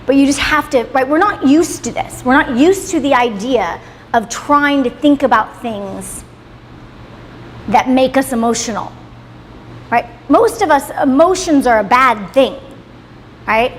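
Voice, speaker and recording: Woman, high-pitched, motivational class leader, emphatic, swearing, reverberant hall, faint noise. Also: expressive, unhurried. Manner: emphatic, swears freely, ends points with "right?". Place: salon in a roomy hall.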